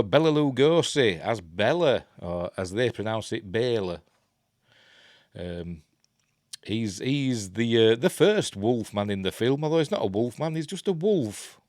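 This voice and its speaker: A man's voice: on the low side, a little mellow, no room sound, clean studio sound. A man with a Yorkshire accent reviewing films at home in a rambling, self-deprecating way, muttering to himself. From Yorkshire, England. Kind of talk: casual film review chat.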